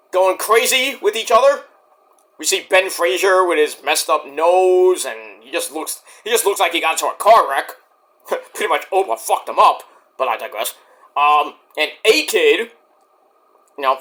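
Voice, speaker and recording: Animated, rambling male wrestling reviewer. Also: high voice. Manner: rambling, profane and digressive. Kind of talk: casual review vlog.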